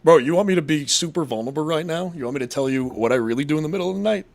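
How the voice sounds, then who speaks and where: A man's voice: on the high side, animated, racing, creaky, a little hiss or hum. A man from Massachusetts hosting a casual live show, reading chat and rambling in a crude, profane, jokey way.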